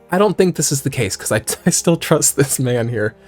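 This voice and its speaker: A man giving excitable, jokey let's play commentary, thinking out loud as he plays. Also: medium pitch, brisk, hardly any pauses, no echo, soft background music. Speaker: gaming streamer.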